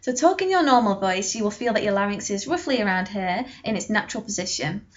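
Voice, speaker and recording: A woman's voice: mid-range voice, expressive, quick pace, lo-fi sound. A young woman singing teacher giving a vocal lesson to camera, explaining technique with sung and spoken demonstrations.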